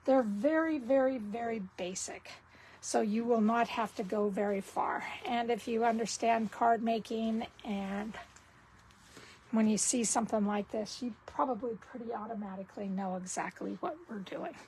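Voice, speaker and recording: A woman giving a casual card-making tutorial, talking slowly and thinking aloud as she works. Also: fairly high pitch, a little mellow, slight background noise, low-quality recording.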